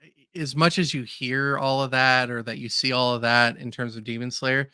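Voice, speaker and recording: A man's voice: medium pitch, steady tone, moderate pace, bright, forceful tone, clear, resonant tone, no echo, clean studio sound. A man co-hosting a podcast, chatting casually in an earnest, openly emotional way with hesitant "um"s. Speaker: podcast co-host. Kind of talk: casual chat.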